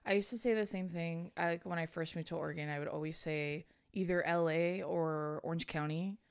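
A young woman from Southern California co-hosting a podcast in casual chat, telling stories quickly and bluntly with plenty of swearing. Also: fairly low pitch, fairly even intonation, clear, resonant tone. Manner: quick storytelling, blunt and profane. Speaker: podcast co-host.

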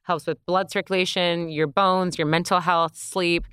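A woman's voice: lowish voice, fairly even intonation, moderate pace, a bit bright, smooth, no echo, clean studio sound. A woman guest on a podcast, a mom talking in an emphatic, motivational way and acting out what others say. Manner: emphatic, motivational, acts out quoted voices. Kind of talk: casual chat.

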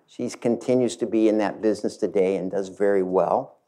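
A middle-aged man, a company chief, tells a story from his career to an audience, lively and speaking straight to the listeners. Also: on the low side, fairly quick. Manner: animated, addresses the audience directly. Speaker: CEO giving a talk. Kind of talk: storytelling keynote talk.

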